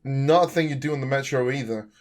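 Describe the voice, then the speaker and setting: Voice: medium pitch, fast, darkish tone. A podcast co-host chatting casually, playful, slipping into sing-song baby talk when quoting. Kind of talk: casual chat.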